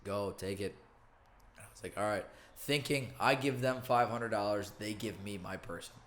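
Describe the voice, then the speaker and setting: A young man on a podcast telling a story in casual chat, animated, acting out quotes and laughing often. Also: lowish voice, normal speed. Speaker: podcast co-host.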